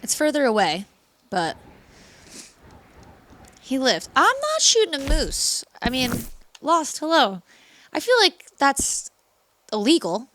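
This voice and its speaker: A woman streaming a game, chatting casually with viewers and reacting loudly. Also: high-pitched, very animated, takes it slowly, pauses often, slight background noise. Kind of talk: casual gameplay commentary.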